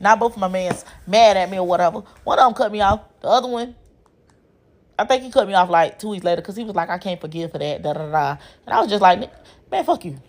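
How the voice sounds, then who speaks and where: A woman's voice: medium pitch, fast. A woman casually telling a relationship story, blunt and profane, with an exasperated edge.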